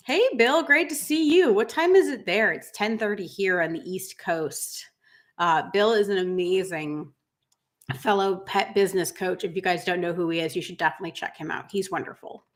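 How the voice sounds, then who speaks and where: A woman hosts a casual livestream as a business coach for pet groomers. Her voice sits slightly low. She talks in an emotional, rambling way, full of fillers and restarts. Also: moderate pace, fairly bright tone. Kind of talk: casual livestream chat reading viewer comments.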